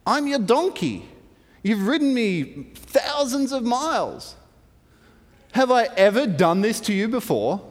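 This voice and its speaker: A man's voice: extremely high pitch, big pitch swings, slow, exaggerated voice. A man voicing a puzzled, reproachful talking donkey. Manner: plaintive, reproachful. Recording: long hall reverb.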